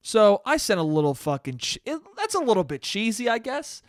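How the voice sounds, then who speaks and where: A young man hosting a solo podcast, telling a story in a profane, animated way and breaking into laughter. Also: sits high, brisk, few pauses, no room sound, clean studio sound. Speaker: podcast host. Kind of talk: casual solo podcast monologue.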